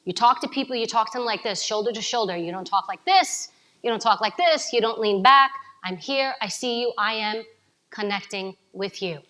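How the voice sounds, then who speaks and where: A woman from New giving an energetic coaching talk to a live audience, asking them questions. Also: on the high side, moderate pace. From New York City. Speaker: speaker at a summit.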